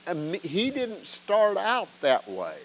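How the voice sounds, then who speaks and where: A man's voice: sits high, huge pitch swings, slow pace, slight background noise, poor audio. A man teaching an evening Bible study as a pastor, earnest and emphatic, often asking rhetorical questions.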